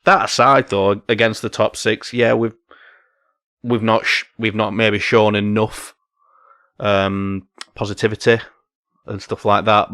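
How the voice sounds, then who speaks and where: Man, low voice, dry close sound, casual football podcast chat. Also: level tone, unhurried, fairly bright tone, no echo. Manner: chatty, tag questions, fillers. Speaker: podcast co-host.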